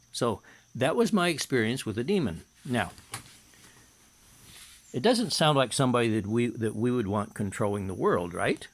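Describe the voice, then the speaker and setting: A middle-aged hypnotherapist with a mid-range voice tells a personal story in a casual, matter-of-fact manner. As he speaks, he reads from his notes and translates them.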